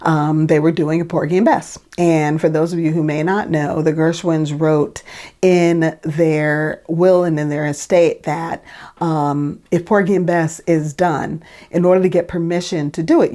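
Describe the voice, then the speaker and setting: A woman's voice: low-pitched, steady tone, normal speed, mellow. A woman singer casually telling a story about an audition, chatty with lots of fillers and restarts.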